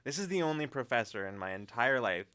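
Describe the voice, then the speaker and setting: A young man co-hosting a podcast, chatting excitably and laughing through his words. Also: medium pitch, quick pace. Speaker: podcast co-host. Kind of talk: casual chat.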